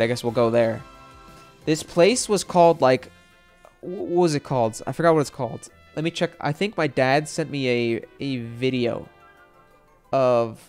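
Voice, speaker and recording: Rambling young man telling a story. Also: mid-range voice. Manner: rambling, heavy on "like" fillers and swearing. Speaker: streamer. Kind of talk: casual storytelling rant.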